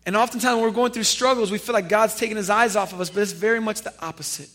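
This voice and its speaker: A man preaching a sermon as pastor, animated and firing rhetorical questions at his congregation. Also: high-pitched, fast talker. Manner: addresses listeners familiarly.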